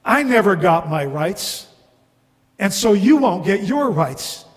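A man voicing a gentle, patient male heavenly spirit who speaks softly and coaxingly. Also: high-pitched, big pitch swings, takes it slowly, big-room sound, voice pushed up, exaggerated voice.

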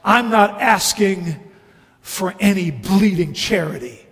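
A man voicing an indignant, self-righteous male ghost who insists loudly on his rights, reading in a sermon. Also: high voice, animated, slow pace, big-room sound, exaggerated voice. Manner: loud, aggrieved, insistent.

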